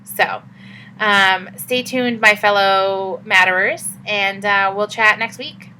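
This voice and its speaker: A young woman talks straight to the camera in a casual vlog, chatty and upbeat, leaning on fillers. Her voice is bright and forward, at an ordinary pitch, with a faint hum behind it. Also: slow pace, low-quality recording. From Massachusetts. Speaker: vlogger.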